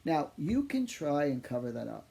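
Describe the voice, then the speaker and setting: A man working as a psychic medium, telling funny personal stories in an animated, exaggerating way. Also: on the high side, moderate pace, gravelly. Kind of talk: humorous personal storytelling.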